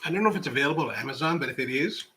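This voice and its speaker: A man's voice: mid-range voice, animated, racing, bright, forceful tone. A man hosting a coffee channel livestream, chatting casually and reading viewer comments in a rambling way with many restarts. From United States.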